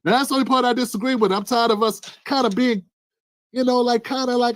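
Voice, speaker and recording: A man giving impassioned political commentary, preachy and emphatic, rising to shouts. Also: very high-pitched, fairly even intonation, quick pace, no echo.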